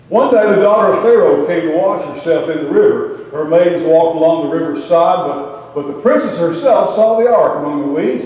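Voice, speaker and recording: Older man, folksy preacher, humorous storytelling, mellow tone, distant mic, echoey hall. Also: on the high side. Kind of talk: folksy sermon with slides.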